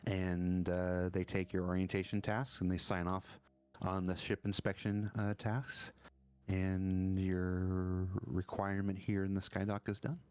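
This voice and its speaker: A man narrating a tabletop game as dungeon master, halting and full of restarts. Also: low-pitched, flat delivery, a little mellow, clean tone, dry recording. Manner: halting, many fillers and restarts.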